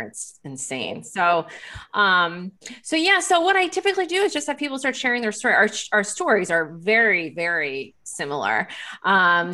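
Low, bright-toned woman host. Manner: earnest, passionate about mothers' care. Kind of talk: interview podcast.

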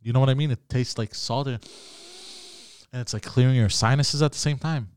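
A man's voice: mid-range voice, steady tone, a little fast, darkish tone, clear, resonant tone, no echo, clean studio sound. A man hosting a casual podcast chat, brash and profane, saying "bro" constantly. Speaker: podcast host.

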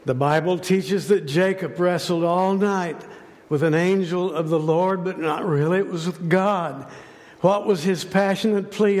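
A man's voice: sits high, measured pace, a little mellow. A man preaching a sermon, telling a story dramatically and asking rhetorical questions. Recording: long hall reverb.

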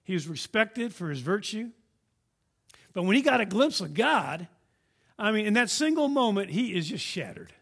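A man preaching a sermon, earnest and emphatic, swinging from raised declarations down to hushed lines, often repeating and restarting words. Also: sits high, big pitch swings, normal speed, gravelly. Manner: earnest, emphatic, rising and dropping to a hush.

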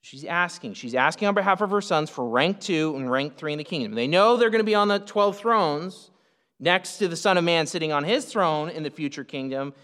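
A man's voice: on the high side, animated, brisk, fairly bright tone, smooth. A man preaching a sermon from the United States in a casual, conversational way, with asides and fillers. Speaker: pastor. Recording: long hall reverb.

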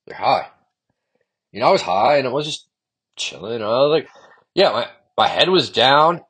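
A young man rambling through a profane solo monologue, drifting off into quiet mumbles between lines. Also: mid-range voice, expressive, normal speed, slightly rough. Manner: meandering, profane, trails off quietly. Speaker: podcast host.

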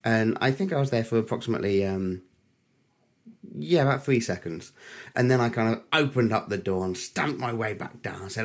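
A man co-hosting a podcast, telling a childhood story in an animated way with sound effects. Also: medium pitch, a little fast. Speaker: podcast co-host.

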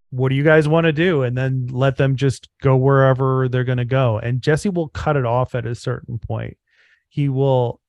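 A man's voice: medium pitch, a little mellow, dry recording, clean studio sound. A man co-hosting a podcast, speaking in an earnest, reflective way with frequent fillers such as "um" and "like". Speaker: podcast co-host. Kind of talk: casual podcast chat.

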